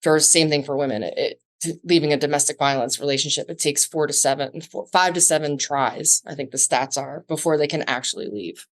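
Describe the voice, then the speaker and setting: Woman with a low voice on a podcast, tells it like a story and does the voices of people in it. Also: steady tone, a little fast, hardly any pauses. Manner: acts out quoted dialogue in a storytelling way. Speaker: guest, self-defense instructor. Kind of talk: conversational podcast interview.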